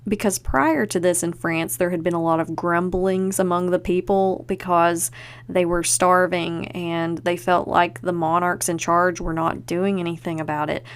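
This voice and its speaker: A woman hosting a podcast, chatting casually and enthusiastically and leaning on fillers like "like". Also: lowish voice. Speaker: podcast host.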